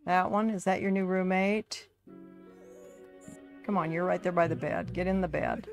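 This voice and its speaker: A woman's voice: on the low side, fairly even intonation, moderate pace, gravelly, soft background music. A woman giving casual, chatty commentary over her life-sim game, talking to her characters like a fussing parent. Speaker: gaming video creator.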